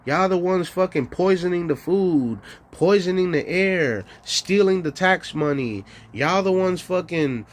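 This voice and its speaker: Male streamer, fairly high voice, heated profane rant with scattered laughs. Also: animated, a little slow, hardly any pauses. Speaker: livestream host.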